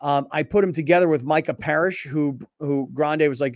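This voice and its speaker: A man's voice: on the high side, normal speed, dry recording, studio quality. A man hosting a sports talk show, joking around in a laid-back, drawling way.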